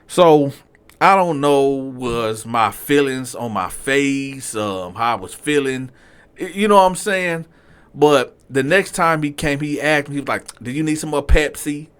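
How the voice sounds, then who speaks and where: A man telling a story to his viewers in a casual, animated and profane way, with frequent asides to the audience. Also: medium pitch, a little slow, clean tone. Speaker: storyteller, channel host.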